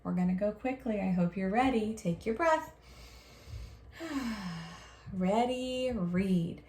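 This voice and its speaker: A woman teacher leading young children through a reading lesson, modelling each line slowly and praising them. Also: mid-range voice, expressive, darkish tone. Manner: slow, drawn-out modelled reading with encouraging praise. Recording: roomy echo.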